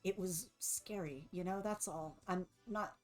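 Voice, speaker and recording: A woman's voice: lowish voice, measured pace, faint music behind, voice pushed up, lightly acted. A woman voicing a nervous teenage superhero girl who stumbles over her apologies. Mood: anxious.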